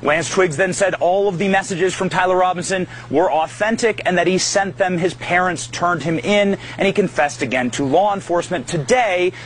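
A man giving emphatic broadcast commentary, forceful and insistent with rhetorical questions. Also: high voice, a little hiss or hum.

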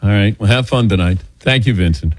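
A sports radio host with a lowish voice talks in a chatty, teasing way. He sounds easygoing. The room is dry and close. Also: fairly quick, dry recording. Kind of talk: casual radio talk.

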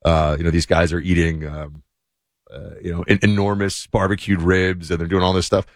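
A man's voice: low-pitched, level tone, normal speed, dry recording, clean studio sound. A man hosting a talk show, chatting casually with many fillers. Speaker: show host. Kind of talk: casual political commentary.

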